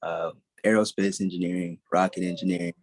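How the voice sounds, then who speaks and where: A young man, a former student on a casual video call, talks in a relaxed, halting way with lots of "yeah" and "so". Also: sits low, a little hiss or hum. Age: young adult.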